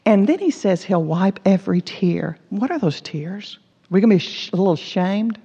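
A woman's voice: mid-range voice, expressive, moderate pace, dark tone, slightly rough. A woman teaching a sermon, earnest and emphatic, repeating words for stress. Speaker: Bible teacher. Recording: dull recording with long hall reverb.

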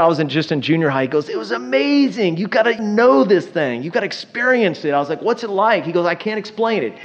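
A male pastor delivers a lively sermon, addressing the congregation directly and telling stories. His voice sits a bit high, and the recording is dull and lo-fi. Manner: animated storytelling, addresses congregation as y'all.

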